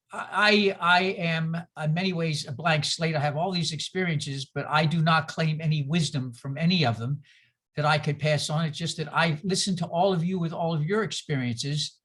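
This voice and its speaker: A man's voice: fairly high pitch, a bit bright. A man leading a group discussion over a video call, telling a personal story earnestly and rambling with many restarts.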